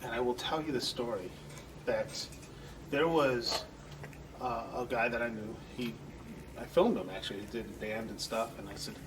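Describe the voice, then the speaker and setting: A man's voice: medium pitch, fairly even intonation, moderate pace, recorded from a distance, background noise. Earnest man telling stories from off-mic. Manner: earnest, rambling storyteller who acts out quoted voices. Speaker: guest, entertainment center manager. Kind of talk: conversational storytelling interview.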